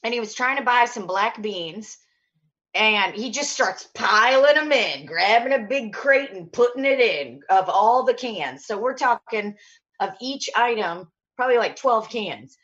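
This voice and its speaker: A woman's voice: a little high, measured pace, dull audio. Chatty woman telling stories with swearing. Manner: chatty storyteller, swears freely, animated retelling. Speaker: podcast host. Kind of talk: casual chat.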